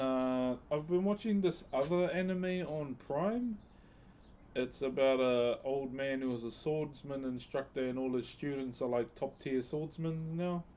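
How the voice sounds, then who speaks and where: A man's voice: mid-range voice, darkish tone, slight background noise. Laid-back New streamer man. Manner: laid-back, thanks viewers by name, uses Maori words. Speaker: live streamer and wood carver. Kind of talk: casual live-stream chat.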